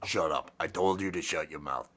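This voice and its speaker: A man's voice: very deep voice, moderate pace, fairly bright tone, voice pushed down. A man voicing a rude, bossy male pumpkin head for a cartoon who barks at everyone to shut up. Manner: gruff, barks orders to shut up.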